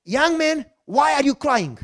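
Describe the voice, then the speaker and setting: A man voicing an elderly seminary dean, kindly but insistent, in a raised high voice. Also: sing-song, measured pace, creaky, a bit bright, full character voice.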